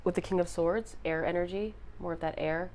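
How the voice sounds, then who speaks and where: A young woman giving an intuitive tarot reading to her viewers, speaking in a halting, emotional way. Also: lowish voice, fairly even intonation, darkish tone, slight background noise. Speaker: tarot reader.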